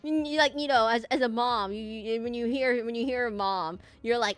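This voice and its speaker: A woman's voice: fairly high pitch, normal speed. Young woman, casual gameplay streamer, chatty and giggly, faint game music underneath. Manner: rambling, laughing, talking to chat.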